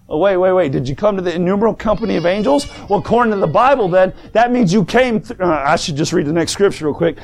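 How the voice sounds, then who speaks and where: A man preaching a sermon in a folksy manner, calling the congregation brother and sister and rising to shouts. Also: high voice, animated, quick pace, vocal fry. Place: church service.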